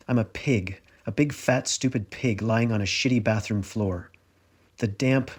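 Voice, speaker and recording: Middle-aged male author narrating his memoir, lowish voice, wry confessional read. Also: darkish tone. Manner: wry, confessional first-person telling. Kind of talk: audiobook narration.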